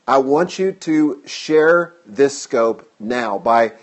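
A man's voice: mid-range voice, lively intonation, very slow. A middle-aged man hosting a live-stream Q&A, upbeat and direct, reading viewer comments aloud into a phone camera. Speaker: host.

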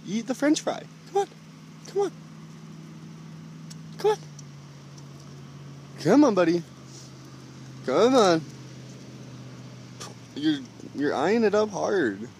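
High sing-song man coaxing birds. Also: sing-song, takes it slowly, long pauses, a little mellow, slight background noise. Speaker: man feeding ravens from a car. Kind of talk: casual coaxing chatter. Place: parked car outdoors.

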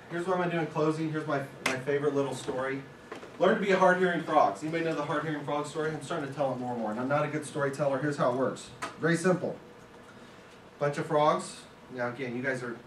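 A man's voice: medium pitch, slight background noise. Man lecturing in an echoey classroom. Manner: conversational, anecdotal. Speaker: guest speaker. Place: film school classroom. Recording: echoey room, distant mic.

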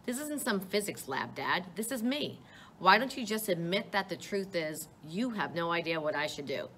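A woman's voice: on the low side, lively intonation, moderate pace, fairly bright tone, a little hiss or hum. A woman voicing a frustrated, mouthy fifteen-year-old boy who talks back to his parents. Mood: exasperated. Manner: sarcastic, exasperated, talks back.

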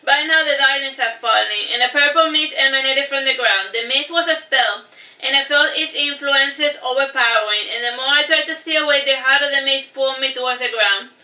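A woman's voice: high voice, a little fast, sharp tone, echoey room, rough recording. A woman reading her own fantasy story aloud in first person, casually, with restarts and asides.

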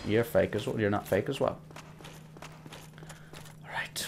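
A man's voice: on the low side, a little slow, creaky, a little hiss or hum. A young man giving casual commentary while playing a game, rambling, joking and swearing at enemies. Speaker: gameplay commentator. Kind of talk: casual let's-play commentary.

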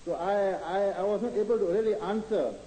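A man in the audience of a lecture, asking his question haltingly with many fillers. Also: high-pitched, steady tone, mellow. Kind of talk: question from the floor. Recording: echoey hall with faint hiss, archive tape.

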